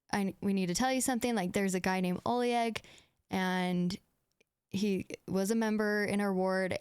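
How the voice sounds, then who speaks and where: Her medium-pitched voice is clean in tone, captured with studio quality and no room sound. She's a young woman hosting a podcast, spinning casual stories full of "like" and performed back-and-forth dialogue.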